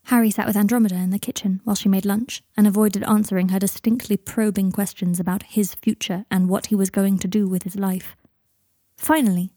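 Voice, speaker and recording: Warm-voiced woman narrating a story. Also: medium pitch, no echo, studio quality. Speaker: audiobook narrator. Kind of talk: narrating fan fiction.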